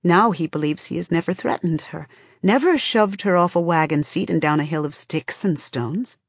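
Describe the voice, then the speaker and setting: A woman narrating an audiobook in a measured, close storytelling voice. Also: lowish voice, slightly rough, dry recording. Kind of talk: scripted narration.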